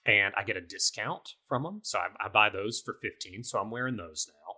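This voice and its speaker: A man's voice: fairly low pitch, moderate pace, bright, forceful tone, slightly rough. A man co-hosting a podcast, casually recapping his video game playthrough in a rambling way, full of fillers. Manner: rambling, filler-heavy storytelling. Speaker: podcast co-host.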